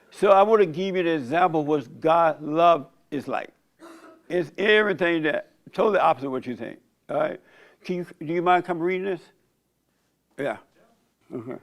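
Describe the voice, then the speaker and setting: Gravelly older man preaching. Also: fairly high pitch. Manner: joking storyteller, laughs often. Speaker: pastor and host. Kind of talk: casual church talk.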